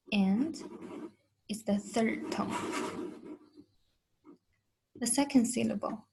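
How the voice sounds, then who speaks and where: A woman's voice: on the high side, slow, pauses often, mellow, breathy edge, poor audio. A woman with a Chinese accent teaching a beginner lesson, patiently repeating each sound twice. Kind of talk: slow, careful language lesson.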